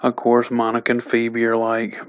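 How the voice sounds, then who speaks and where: A man reviews a TV episode in a relaxed, chatty recap, stringing it together with fillers. His voice is smooth and clean. He keeps a level, flat delivery that rarely rises or falls. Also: medium pitch, moderate pace. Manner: chatty, loose retelling full of "like" and "you know". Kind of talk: casual spoken recap.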